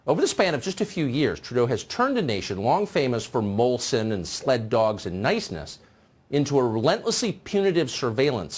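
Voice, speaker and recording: Sarcastic husky-voiced male news host. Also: mid-range voice. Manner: sarcastic, mocking. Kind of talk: opinion monologue.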